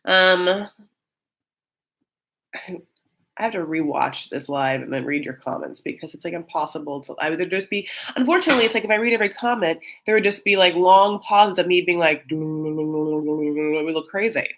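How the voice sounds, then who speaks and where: A woman's voice: on the low side, normal speed, fairly bright tone. A woman hosting a live stream, chatting casually and rambling with lots of fillers and giggles. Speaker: live-stream host reacting to a reality show.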